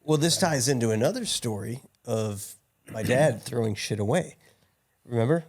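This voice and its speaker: A man's voice: medium pitch, moderate pace. Laid-back, profane man recounting shop lore. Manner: relaxed, swears casually. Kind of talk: casual chat.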